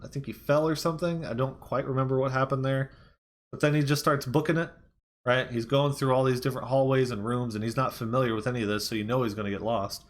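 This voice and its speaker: A man's voice: medium pitch, fairly even intonation, fairly quick. A man giving a casual movie review, retelling the plot in a rambling way with fillers and restarts.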